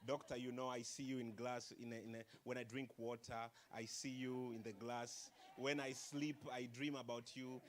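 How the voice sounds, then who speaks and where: A man voicing a lovestruck young suitor who woos a woman slowly in a low, swooning voice. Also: flat delivery, slight background noise, lightly acted. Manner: slow, low, swooning delivery.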